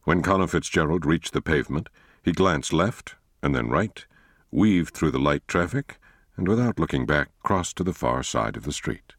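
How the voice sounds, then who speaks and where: Very deep-voiced male audiobook narrator. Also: expressive, normal speed, no room sound, clean studio sound. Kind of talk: scripted narration.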